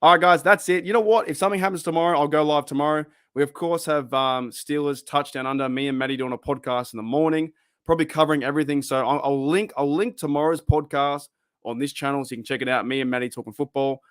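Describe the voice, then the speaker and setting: An Australian man hosting a live fan stream, his voice sitting a little high for a man. He rambles, laughs often and restarts his sentences mid-thought. The sound is close and dry, with no room around it. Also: steady tone, fast, clear, resonant tone, no room sound. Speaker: fan channel host. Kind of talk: casual live-stream chat.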